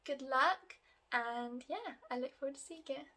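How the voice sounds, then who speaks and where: A woman's voice: high voice, measured pace, bright, forceful tone. A woman teaching a recorded lesson to young children, upbeat and encouraging, in simple words. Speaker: primary school teacher.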